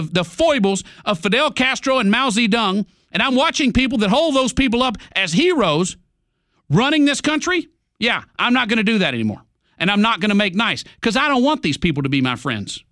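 A man's voice: very high-pitched, very animated, brisk, pushed and bright, no room sound, clean studio sound. A male talk radio host delivering an angry, sarcastic political rant.

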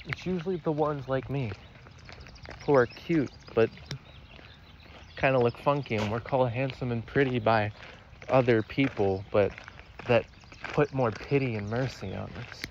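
Unhurried and medium-pitched, with long pauses, a young man films himself on an outdoor walk. His vlog rambles through confessions and self-deprecating jokes, with frequent swearing, and the audio is muffled under loud surrounding noise.

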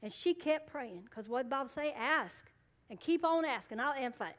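Emphatic high-voiced woman pastor preaching. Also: animated, normal speed. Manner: preaching with rising emphatic bursts and hushed asides. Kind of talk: sermon.

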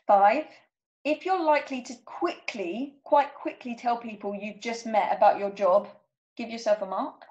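A woman coach leads a workshop, her voice sitting a little high. She reads out numbered statements one by one and keeps checking in with "okay?". The recording sounds muffled and lo-fi. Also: unhurried, darkish tone. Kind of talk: workshop talk.

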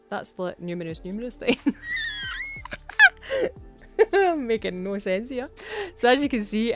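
A Scottish woman chatting through a home voice-over for her nail art videos, self-mocking and laughing often. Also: mid-range voice. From Scotland. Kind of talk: casual voice-over narration.

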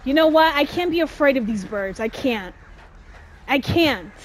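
A young adult woman hosting a gaming video, giving casual let's-play commentary and getting jumpy and loud at the game. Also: high-pitched, normal speed, slight background noise. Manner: excitable, yells at the game, jumpy.

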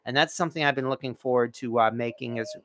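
A man's voice: mid-range voice, fast talker, fairly bright tone, a little hiss or hum. A man hosting a casual cooking livestream from his home kitchen, rambling with lots of fillers and restarts. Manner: rambling, many fillers and restarts, self-deprecating. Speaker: cooking channel host.

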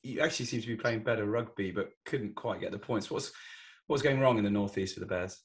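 A man's voice: lowish voice, brisk. A man hosting a casual sports podcast, putting questions to his guests and steering the chat. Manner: asks questions to set up topics. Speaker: podcast host.

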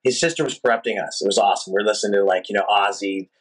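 A rock singer guest telling a long, animated, profane story in a casual interview. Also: male voice, on the low side, racing, rough recording. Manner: animated, profane, rambling anecdotes.

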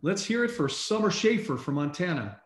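A man co-hosting a live online recognition event, reading out names in an upbeat way and often clearing his throat, speaking over a video call. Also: high voice, big pitch swings, moderate pace. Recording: echoey room on a video call.

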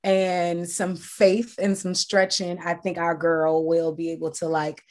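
A woman's voice: on the low side, flat delivery, measured pace, a little mellow. Woman, actress guest, casual chat, reflective, filler-heavy. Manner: chatty, reflective, many fillers.

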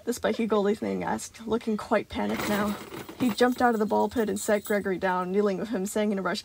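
A woman narrating a piece of fan fiction aloud. Her voice sits at an ordinary middle pitch. She reads at an even pace with expressive phrasing. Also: a little fast, creaky, breathy edge. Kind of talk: storytelling narration.

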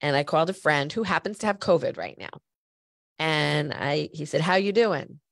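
A woman hosts a podcast in a deep, creaky, animated voice at normal speed, with no echo. Though a little stuffy from a cold, she chats and spins stories, speaking directly to the people listening.

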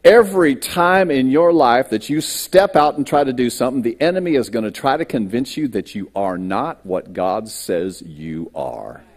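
A man's voice: mid-range voice, animated, moderate pace, hardly any pauses. A man pastor delivering a sermon at a church service, reading scripture and preaching with dramatic swings in his voice. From United States.

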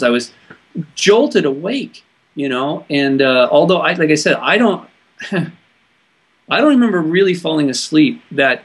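A man from California, a guest in an interview, telling a personal story in an earnest, halting way with frequent restarts. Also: a little high, slightly rough.

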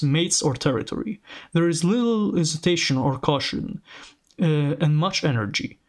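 Rambling man reading map lore. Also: fairly high pitch. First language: Italian. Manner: rambling, self-correcting, amused. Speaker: channel host. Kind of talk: casual commentary reading map lore aloud.

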